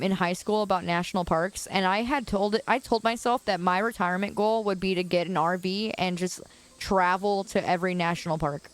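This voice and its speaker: A young woman from the Chicago area livestreams from a suburban curb outdoors. She talks at a middle pitch, chatty and loose, breaking into laughs as she answers her viewers. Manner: chatty, laughs often, answers chat comments. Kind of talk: casual chat with viewers.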